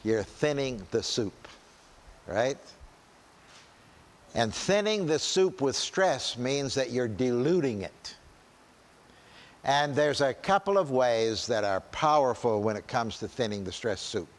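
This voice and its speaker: A man's voice: medium pitch, lively intonation, takes it slowly, long pauses. A man gives a church seminar in a mid-range voice, talking casually and often checking in with "right?" His sentences break off and restart as he goes. The sound carries the long reverb of a large meeting hall. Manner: conversational, often asks "right?", frequent restarts.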